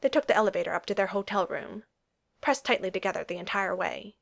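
A woman reading a romance story aloud as an audiobook narrator. Her storytelling is steady and even, keeping a smooth, measured flow through the narration. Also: medium pitch.

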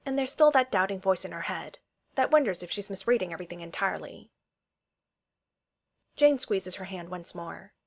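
A woman narrating a story in an expressive reading voice. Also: mid-range voice, moderate pace, creaky, long pauses. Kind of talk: fan fiction story reading.

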